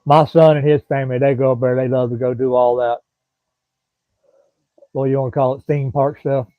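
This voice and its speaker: A middle-aged Southern man from Florida hosts a livestream, rambling in a folksy drawl during casual chat and answering commenters by name. His mid-range voice keeps a level tone at a brisk pace. The recording is dry and thin, like a phone, with no room sound.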